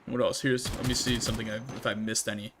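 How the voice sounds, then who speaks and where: A man's voice: medium pitch, little pitch movement, fast, a bit bright, slight background noise. A young adult man hosting a casual livestream Q&A while gaming, talking in a rambling, chatty way with many restarts and fillers. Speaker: streamer and channel host.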